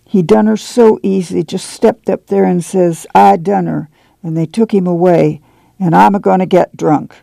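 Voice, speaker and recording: A man reading the lines of a guilt-ridden farmer uncle, speaking slowly and sadly in rural dialect. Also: high voice, fairly even intonation, gravelly, mellow, no echo. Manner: slow, sad, rural dialect.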